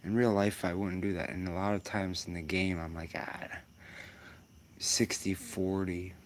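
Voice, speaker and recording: A man's voice: low-pitched, steady tone, a little fast, slight background noise. A man giving casual, rambling commentary while sim racing, musing aloud with lots of fillers.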